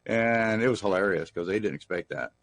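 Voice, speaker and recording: A man's voice: lowish voice, fairly quick, vocal fry, a bit bright, no room sound. A middle-aged man from Texas, telling rambling, folksy stories as an interview guest. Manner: rambling, folksy anecdotes with restarts. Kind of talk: casual storytelling in an interview.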